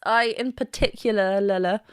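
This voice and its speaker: A woman's voice: medium pitch, fairly even intonation, normal speed, clean tone, no echo, studio quality. A woman vocal coach teaching singing in a casual, giggly way, often breaking into laughter and self-mocking asides. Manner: giggly, self-mocking, demonstrates with sung notes.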